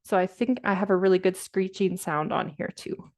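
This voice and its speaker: A woman's voice: mid-range voice, normal speed. A woman presenting a nature lesson to children over a video call, upbeat and encouraging, with laughs and fillers.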